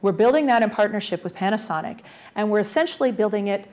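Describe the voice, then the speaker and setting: A woman giving a conference presentation as a transportation official, energetic and full of rhetorical questions. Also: mid-range voice, fast.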